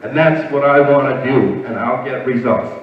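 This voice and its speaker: A man's voice: medium pitch, moderate pace, heavy background noise. A man running for council answers a question in a plain, slightly hesitant way. He is far from the mic in a large hall with long reverb, and the sound is dull. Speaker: municipal candidate. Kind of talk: answering a question at a public meeting.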